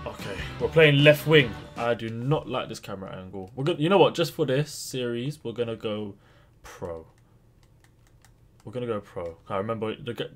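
A young man commentates on his gameplay in a chatty, slangy way. His voice sits at an ordinary middle pitch, and he is excitable, breaking into sudden loud outbursts. Faint music plays behind him. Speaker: gaming YouTuber.

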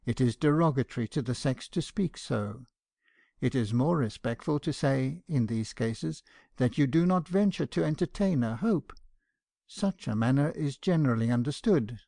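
A man's voice: mid-range voice, lively intonation, normal speed, vocal fry, mellow, no echo, studio quality. A man voicing a fussy, earnest old doctor. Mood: earnest reproof. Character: fussy, earnest elderly male doctor, gently reproving. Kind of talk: audiobook character reading.

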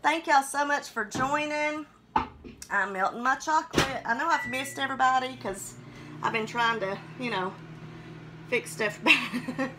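A woman's voice: high voice, a little slow, background noise. A woman hosting a chatty live cooking stream, greeting viewers by name and laughing often in a folksy way.

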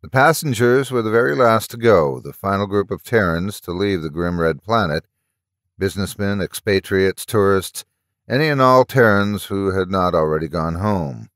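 A man narrating a story in a measured, dramatic storytelling manner. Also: sits low, fairly bright tone, dry recording, clean studio sound.

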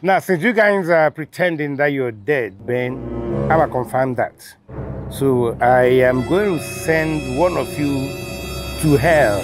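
A man's voice: mid-range voice, takes it slowly. A man with a Nigerian accent, speaking dramatically with put-on American slang in a comedy skit. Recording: music behind.

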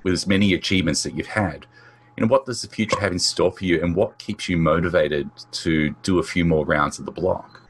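A man's voice: low voice, brisk, slightly rough. A man hosting a podcast interview, listening attentively and affirming his guest. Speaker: podcast host.

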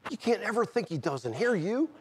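Middle-aged man, preaching a sermon, husky, earnest, fervent. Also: sits high, big pitch swings, normal speed. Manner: earnest, swings from quiet storytelling to shouted fervor. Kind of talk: sermon with personal testimony.

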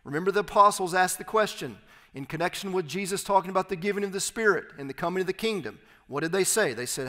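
A man preaching an expository sermon as pastor, reading scripture aloud and explaining it with emphatic, slowed phrases. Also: high voice, lively intonation, sharp tone, in a large hall. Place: church sanctuary.

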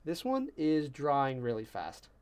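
A man talking casually to viewers as he paints miniatures, relaxed and self-deprecating, muttering to himself about small mistakes. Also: medium pitch, a little slow, dry recording. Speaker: miniature painting channel host.

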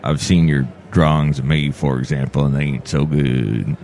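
Disgruntled fiddler, a man doing it: very deep, gruff and blunt. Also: steady tone, moderate pace, a little mellow, soft background music. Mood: grumpy. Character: grumpy disgruntled fiddle player.

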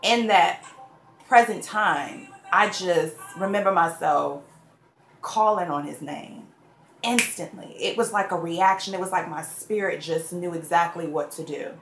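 A woman's voice: lowish voice, a little slow, fairly bright tone, slight background noise. Woman vlogging with echoey room sound. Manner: emotional, testifying about faith. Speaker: beauty vlogger. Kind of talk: get-ready-with-me makeup chat.

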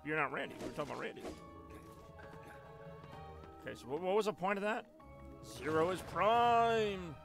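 A man's voice: on the high side, lively intonation, quick pace, vocal fry, long pauses, fairly bright tone, soft background music. A man streaming a game live, rambling and joking as he chats with his viewers. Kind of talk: casual live stream gameplay commentary.

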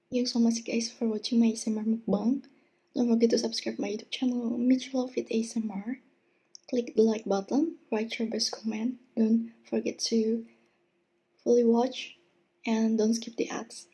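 A young woman hosting an ASMR mukbang, whispering a food review in a soft, breathy voice that drifts into a low murmur.

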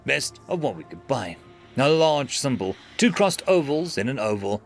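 A man's voice: medium pitch, sing-song, moderate pace, soft background music. A man narrating a scripted science fiction story in a dramatic, dry manner.

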